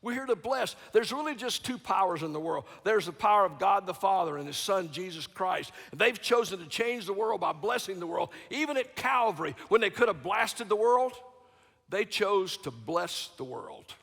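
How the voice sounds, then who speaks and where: Brief: dramatic male preacher, raspy edge, big sanctuary reverb. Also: high voice, lively intonation, fairly quick, few pauses. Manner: dramatic, swings from loud to hushed. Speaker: guest preacher. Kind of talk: sermon. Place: large church sanctuary. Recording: long church reverb.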